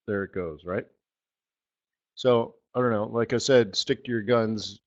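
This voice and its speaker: A man's voice: mid-range voice, measured pace, long pauses, muffled recording. A man hosting a live trading webinar, talking in a sarcastic, joking, rambling way. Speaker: forex market strategist hosting a live webinar.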